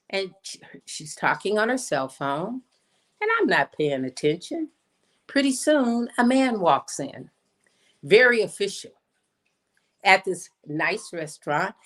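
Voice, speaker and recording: A woman minister giving an inspirational sermon as a personal story, slowing down to stress her points. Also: fairly bright tone. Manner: storytelling, acts out quoted voices with big pitch jumps; slows down for emphasis. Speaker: guest minister. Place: streamed in from home or studio.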